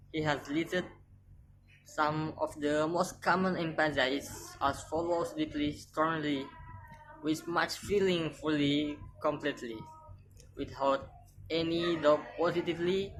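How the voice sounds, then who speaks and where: A woman reading a phonetics lesson aloud, carefully and deliberately, repeating example words. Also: deep voice, a little hiss or hum, poor audio. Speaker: student presenter.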